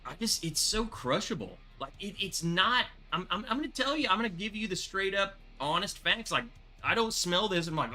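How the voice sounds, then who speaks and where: A man hosting a casual bourbon livestream, excitable and rambling, thanking viewers by name. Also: high voice, normal speed, faint music behind.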